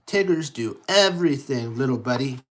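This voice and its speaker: A storytime reader voicing a bouncy, boastful male tiger who stammers excitedly and turns frightened. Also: moderate pace, lightly acted. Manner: stammering, excited, high and loud.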